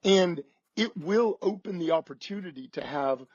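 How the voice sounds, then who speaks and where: A man who is a podcast guest, explaining with emphasis and swinging between loud and soft delivery. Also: high-pitched, lively intonation, normal speed, breathy edge, no room sound. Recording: dull, dry lo-fi audio.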